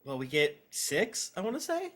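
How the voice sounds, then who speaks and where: Animated man chatting at a game table. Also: on the high side, moderate pace. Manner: laughing, rambling, jokey. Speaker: player. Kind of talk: casual tabletop game chat.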